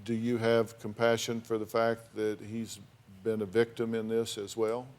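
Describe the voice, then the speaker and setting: A man's voice: lowish voice, monotone, moderate pace, a little mellow. Male talk show host, probing interviewer on a daytime studio set. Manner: probing, asks pointed yes-or-no questions.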